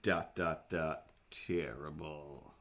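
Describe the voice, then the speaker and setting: A man hosting a livestream who tells a story casually and animatedly, acting out his own thoughts and other people in a higher voice. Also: steady tone, extremely slow, fairly bright tone. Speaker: livestream host. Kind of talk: casual storytelling while drawing.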